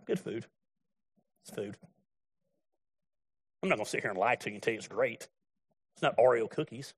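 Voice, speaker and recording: A man's voice: mid-range voice, normal speed, husky. A middle-aged man preaching a sermon in a blunt, folksy, storytelling way. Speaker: pastor.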